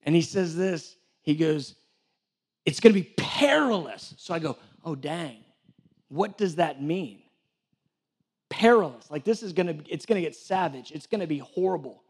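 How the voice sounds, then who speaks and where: A man with a high-pitched voice delivers a sermon. He talks casually and acts out imagined back-and-forth conversations. He often stumbles and restarts his sentences as he goes. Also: normal speed, darkish tone. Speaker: church director preaching.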